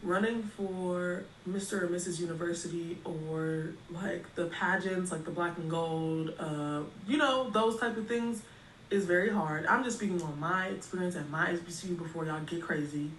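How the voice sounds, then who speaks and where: Woman, lowish pitch, blunt fed-up creator; far from mic, echoey room. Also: steady tone, moderate pace, fairly bright tone. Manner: blunt, exasperated. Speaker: college student creator. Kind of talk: opinionated talk to camera. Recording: roomy, distant, faint noise.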